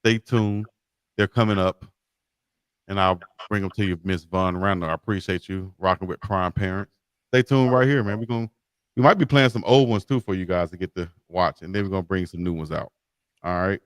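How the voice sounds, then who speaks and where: A man with a low voice co-hosts a laid-back live sports talk show. He reads out chat questions and sponsor plugs in an easy, hyped-up way. The sound is dry and close. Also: a little fast, clean tone, no echo. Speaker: co-host.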